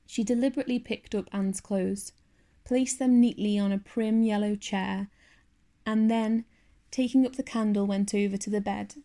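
A woman narrates an audiobook of a classic novel. She reads in a measured, expressive way, and her voice is gravelly with a dark, mellow tone. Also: medium pitch.

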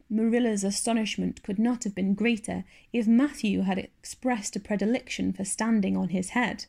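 Female audiobook narrator, gravelly, mellow, measured storytelling. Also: mid-range voice, steady tone. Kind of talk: scripted narration of a classic novel.

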